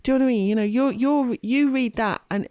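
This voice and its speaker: A woman's voice: fairly high pitch, fast, warm tone, no echo, clean studio sound. A woman co-hosting a podcast, talking in a rambling, emphatic way with frequent restarts. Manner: rambling, self-correcting, emphatic. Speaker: podcast co-host. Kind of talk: casual podcast chat.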